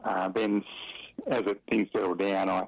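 A man's voice: low voice, flat delivery, moderate pace. A middle-aged Australian man from Western Australia, telling stories about his football career in a rambling interview, with lots of fillers and chuckles. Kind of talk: relaxed storytelling in an interview. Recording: dry, dull lo-fi radio audio.

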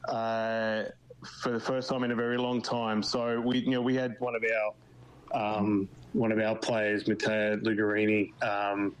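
An Australian man from Melbourne, interviewed on radio, talking in a halting way with many fillers and restarts. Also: fairly low pitch, level tone, rough recording. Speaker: guest, football club official in Canada.

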